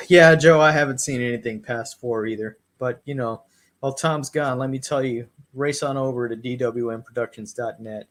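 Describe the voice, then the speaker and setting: A man's voice: medium pitch, steady tone, normal speed, pushed and bright. A man co-hosting a podcast, chatting casually in a crude, profane and wisecracking way, rambling through recaps. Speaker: podcast co-host.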